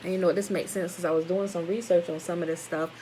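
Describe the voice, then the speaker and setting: A woman's voice: fairly low pitch, fairly even intonation, fast talker, warm tone, a little hiss or hum, poor audio. A woman reading a text aloud to listeners, stopping for casual asides and correcting her own stumbles. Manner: reads steadily, breaks off for informal comments to listeners; stumbles over words and corrects herself.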